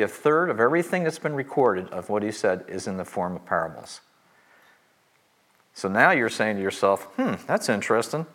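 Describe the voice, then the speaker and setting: A middle-aged man teaching a Bible class, stressing key points by repeating them slowly. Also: mid-range voice, a bit bright.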